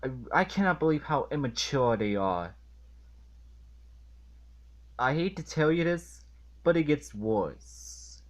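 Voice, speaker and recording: A man reviewing a cartoon episode in an indignant rant, halting and restarting as he talks. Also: on the high side, big pitch swings. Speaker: video reviewer.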